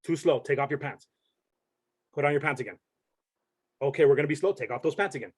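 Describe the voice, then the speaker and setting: A man's voice: fairly high pitch, fast talker, breathy edge. Man telling a story in a rambling way. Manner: rambling with many restarts. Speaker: podcast guest. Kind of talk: casual storytelling.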